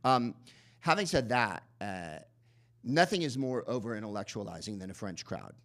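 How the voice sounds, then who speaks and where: A man's voice: on the low side, expressive, moderate pace, fairly bright tone. A man hosting a live film club in a cinema, who rambles sardonically and fills his talk with fillers and restarts. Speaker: host. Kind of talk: live comic film introduction.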